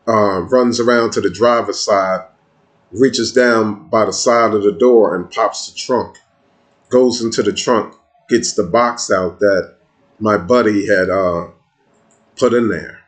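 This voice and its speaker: Streetwise man telling a story. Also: lowish voice. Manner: conversational, streetwise, emphatic. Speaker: host telling a personal story. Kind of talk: casual storytelling monologue.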